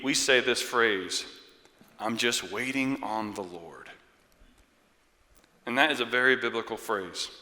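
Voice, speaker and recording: A man's voice: mid-range voice, pushed and bright. A man in his thirties preaching a sermon in a conversational way, often checking in with his listeners. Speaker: pastor. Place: church sanctuary. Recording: long reverb of a church hall.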